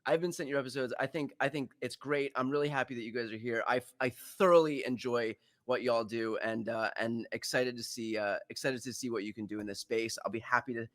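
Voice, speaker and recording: A man appearing as a guest on a podcast, teasing the hosts in an animated way. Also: medium pitch, fairly quick, few pauses. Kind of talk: casual chat.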